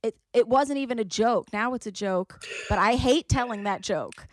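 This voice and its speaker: Animated woman comedian in her thirties. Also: fairly high pitch, normal speed, dry recording. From United States. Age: 30s. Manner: animated, laughs often, slips into playful voices. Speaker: podcast host and comedian. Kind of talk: casual comedic chat.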